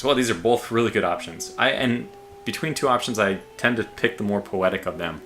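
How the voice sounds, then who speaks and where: A man's voice: lowish voice, a little fast, faint music behind. A man streaming a video game, chatting casually and rambling through his choices with lots of fillers. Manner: rambling, thinks aloud with many fillers; calls himself a quiet guy. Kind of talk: casual livestream commentary.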